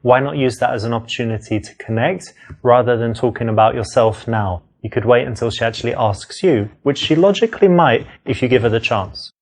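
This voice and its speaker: A man's voice: mid-range voice, fairly quick, hardly any pauses. A man giving frank, matter-of-fact commentary as a dating coach, explaining what went wrong. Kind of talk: instructive commentary.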